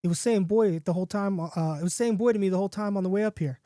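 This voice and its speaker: An overexcited, rough-edged man who keeps insisting, as a narrator puts him on. The voice rides higher and louder than plain talk, pushy and eager, with a dark, dry tone. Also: fast talker, no echo, close to an everyday voice. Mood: excited. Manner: loud, excited, insistent. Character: excitable rough man with a wolf.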